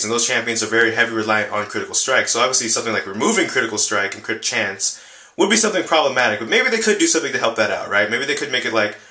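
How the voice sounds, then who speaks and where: Rambling young man in an echoey room. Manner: rambling, filler-heavy, lively pitch jumps. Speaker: gaming channel host. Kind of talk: casual video commentary.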